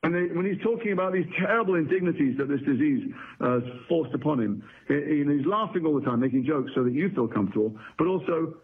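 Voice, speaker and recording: A man's voice: a little high, lively intonation, fast, few pauses, slight background noise. A middle-aged man from England, an actor guest in a casual interview, talking in a thoughtful, articulate, wry way with restarts. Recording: tinny phone-like line.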